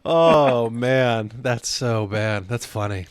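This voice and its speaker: A man hosts a relaxed podcast chat in an easygoing way and often laughs along. His voice sits at a middle pitch, and the recording is dry and close, with no room sound. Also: slow, clean tone, dry recording. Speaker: podcast host. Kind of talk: casual interview chat.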